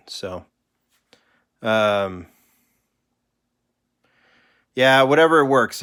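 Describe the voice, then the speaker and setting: A man's voice: lowish voice, a bit bright. A man hosting a live stream, chatting casually and rambling in a candid, joking way. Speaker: host.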